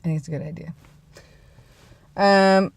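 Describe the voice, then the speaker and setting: Low-voiced rambling young woman vlogger. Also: steady tone, unhurried, vocal fry, dry recording. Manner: rambling, self-deprecating, drops to a hush for quoted lines. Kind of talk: casual storytelling vlog.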